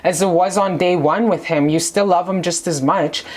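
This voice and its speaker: A woman's voice: fairly low pitch, normal speed. A woman giving a casual tarot reading to the camera, rambling and gushing, calling the viewer baby. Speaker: tarot reader. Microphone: camera mic.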